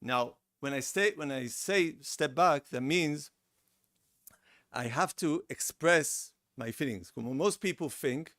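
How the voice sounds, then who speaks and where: A man's voice: a little high, slow, a bit bright, no room sound, studio quality. A middle-aged man lecturing a seminar in a conversational way, acting out example lines and repeating his words. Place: lecture room.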